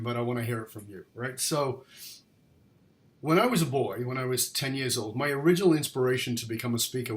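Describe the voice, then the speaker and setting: A middle-aged man from northern England hosting a podcast interview, telling stories in an earnest, animated way. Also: medium pitch. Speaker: podcast host. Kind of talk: interview chat.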